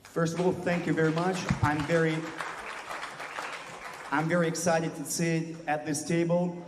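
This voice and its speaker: A man's voice: a little high, little pitch movement, measured pace, noisy background. A man working as an interpreter at a press conference. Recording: echoey hall, faint crowd.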